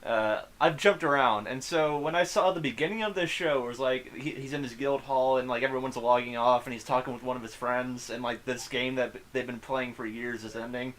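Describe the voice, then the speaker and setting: A man's voice: mid-range voice, fairly even intonation, a little fast, hardly any pauses, fairly bright tone. A man in casual podcast chat, talking bluntly and profanely. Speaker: podcast guest.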